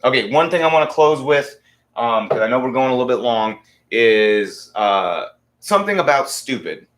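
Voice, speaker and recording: A man's voice: mid-range voice, animated, normal speed, a bit bright. A man in his forties hosting a podcast, ranting casually and heatedly with lots of swearing. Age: 40s. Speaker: podcast host. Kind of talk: casual rant.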